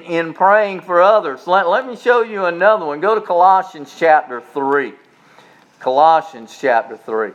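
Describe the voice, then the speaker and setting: A man preaching a sermon in a folksy way, stumbling over and repeating words, then swelling into loud, lifted preaching. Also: sits high, lively intonation, moderate pace, lo-fi sound. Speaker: pastor.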